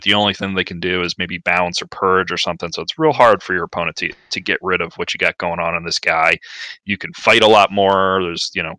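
A man co-hosting a casual card game chat, halting and full of fillers as he explains cards. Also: low voice, sharp tone, no room sound. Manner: halting, with many fillers and repeated words. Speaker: podcast co-host.

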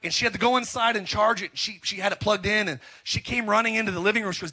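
A middle-aged man preaching a sermon as pastor, telling stories in an animated, joking way. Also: sits high, fast, hardly any pauses. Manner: animated, joking storytelling with laughs.

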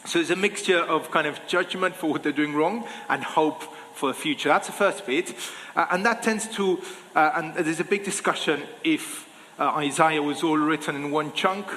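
A man's voice: fairly high pitch, normal speed, sharp tone, a little hiss or hum. A man giving a sermon in an informal, thinking-aloud way, full of fillers and restarts. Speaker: preacher. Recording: long hall reverb.

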